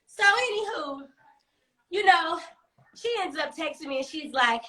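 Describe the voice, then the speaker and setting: Young woman storyteller on a phone live stream: high, bright, sassy, profane, emphatic. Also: a little slow. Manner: animated, sassy, heavy cursing, emphatic repetition. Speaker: storyteller host.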